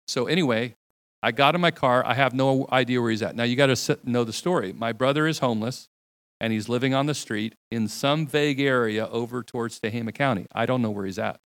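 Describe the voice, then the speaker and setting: A middle-aged man preaching a sermon in a conversational, storytelling manner, dropping his voice low when he quotes dialogue. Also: fast talker, vocal fry, no echo. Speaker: pastor.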